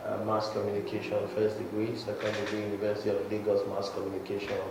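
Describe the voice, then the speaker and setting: A man's voice: fairly low pitch, monotone, fast, background noise. A man from Nigeria with a Nigerian accent, a comedian chatting easily as a guest and laughing between stories. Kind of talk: casual interview chat. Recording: echoey studio room.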